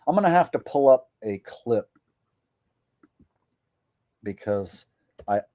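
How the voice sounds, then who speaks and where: A comedian chatting loosely on his livestream, joking and rambling as he answers viewers. His voice is mellow and relaxed, at an ordinary male pitch. The sound is dry and close, with no room behind it. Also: takes it slowly, no room sound. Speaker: comedian and streamer. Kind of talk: casual livestream chat reading viewer messages.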